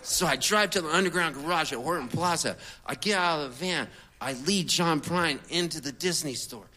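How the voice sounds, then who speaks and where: A man, a singer-songwriter, telling a comic story in an animated, chatty way with laid-back surfer slang. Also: a little high, normal speed.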